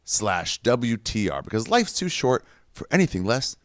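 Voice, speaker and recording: A man's voice: mid-range voice, sing-song, normal speed, dry recording, clean studio sound. A male podcast host reading an ad in a jokey, profane way with silly asides. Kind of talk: ad read.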